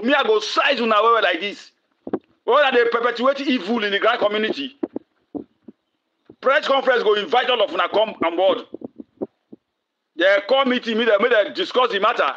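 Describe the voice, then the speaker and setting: Nigerian man with a Pidgin accent, a bright, cutting voice, confrontational commentator taunting and cursing in a rant. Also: high-pitched, fairly quick, long pauses, lo-fi sound, slight background noise. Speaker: online commentator. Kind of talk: angry video rant.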